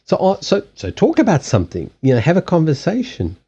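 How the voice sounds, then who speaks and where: A man hosting a casual livestream chat, blunt and animated, swearing freely and acting out quoted lines. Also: on the high side, brisk, breathy edge, lo-fi sound. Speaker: livestream host.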